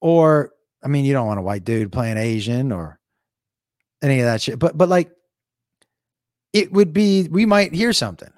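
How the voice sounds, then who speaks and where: A man hosting a podcast in a casual, rambling chat, animated and swearing freely. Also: medium pitch, normal speed, pauses often, no room sound, studio quality.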